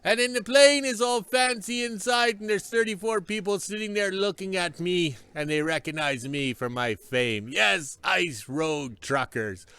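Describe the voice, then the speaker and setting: A man's voice: high-pitched, unhurried, few pauses, bright, forceful tone, smooth, dry recording. A man telling a story in a casual vlog, chatty and stopping often for an emphatic "yes". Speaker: vlogger.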